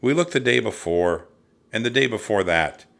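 A man's voice: fairly low pitch, animated, normal speed, creaky, a bit bright. A man voicing a cautious, doubtful eight-year-old boy in a storybook reading, his voice a little raised and sceptical. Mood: worried.

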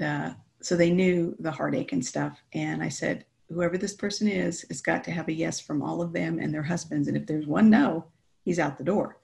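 Gravelly low-voiced woman telling her story. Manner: animated storytelling, laughing often. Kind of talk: personal testimony chat.

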